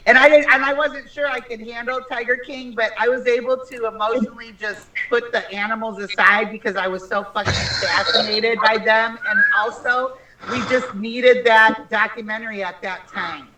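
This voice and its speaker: A woman's voice: on the high side, fairly even intonation, moderate pace, pushed and bright, low-quality recording. A woman guest on a podcast, chatting in a wry, enthusiastic way. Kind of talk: casual podcast chat.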